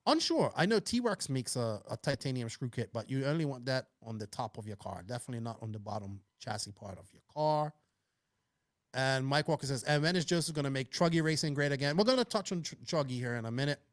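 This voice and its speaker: A man's voice: mid-range voice, animated, fast, no room sound, clean studio sound. A man hosting a casual podcast, upbeat and chatty as he reads out listener questions. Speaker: podcast host.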